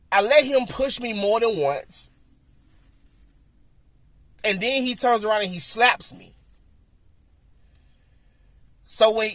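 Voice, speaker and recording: A man with a Southern US accent tells a story on his podcast in a high, animated voice. He repeats himself and acts out what people said. The sound is close and completely dry. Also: no room sound. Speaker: podcast host. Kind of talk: casual storytelling.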